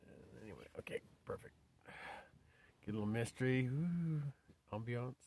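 A man's voice: medium pitch, animated, normal speed, darkish tone, a little hiss or hum. A man rambling casually to his vlog camera outdoors in the desert, often drifting into a whisper. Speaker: vlogger.

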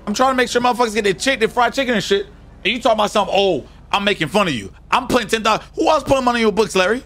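A man's voice: sits high, animated, rapid-fire, a bit bright. A man playing a teasing, loyal friend. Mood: defensive. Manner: teasing, blunt, pushy questions. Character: young man, mocking but loyal friend. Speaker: game character. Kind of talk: casual role-play voice chat.

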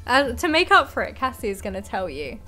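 Chatty woman streaming, soft music. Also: fairly high pitch, very animated, a little fast. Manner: chatty, giggly, cooing over her cat. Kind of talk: casual live-stream chat. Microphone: desk microphone.

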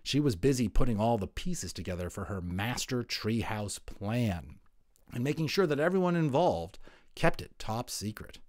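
Animated man reading a picture book. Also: medium pitch, normal speed, no echo. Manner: animated, chatty asides. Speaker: voice actor narrator. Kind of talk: children's book read-aloud.

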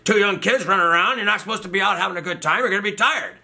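A man voicing an impatient elderly male doctor who lectures loudly and dismissively. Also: high voice, rapid-fire, voice pushed up, full character voice. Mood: scolding. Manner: loud, indignant, lecturing.

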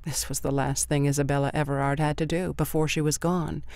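A man reading the narration of a novel in an even, steady storytelling way. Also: on the high side, a little fast, smooth, no echo. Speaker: audiobook narrator. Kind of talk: scripted narration.

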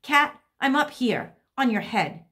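A woman's voice: high-pitched, animated, takes it slowly, bright, forceful tone, pitched above the performer's own voice, full character voice. A woman voicing a bossy, hungry young female bird who can't fly, demanding and pouting.

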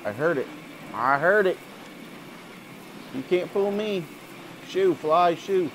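A man's voice: sits high, lively intonation, takes it slowly, a bit bright, slight background noise, low-quality recording. A man giving jumpy, jokey commentary while playing a game, often talking to himself. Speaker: gamer. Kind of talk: let's play commentary.

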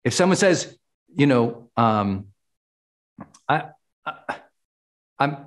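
A middle-aged man giving a motivational talk as a personal development coach, stressing key words by slowing down. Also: mid-range voice, very animated.

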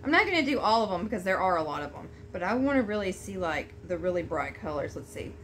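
A woman vlogger chatting to camera at home while unboxing a gift, gushing and excitable. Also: lowish voice, quick pace, a little hiss or hum. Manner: gushing, excitable, Southern-style "y'all". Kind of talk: casual chat to camera.

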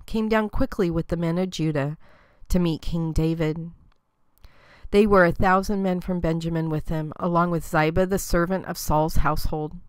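A woman giving a measured, even reading of Bible scripture. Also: fairly low pitch, smooth, dry recording. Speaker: scripture reader.

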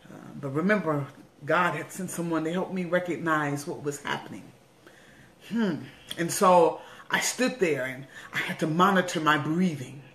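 A woman's voice: low-pitched, moderate pace, a bit bright. A woman bishop giving an earnest personal testimony, repeating phrases for emphasis. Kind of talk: personal testimony in a weekly online message. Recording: roomy echo.

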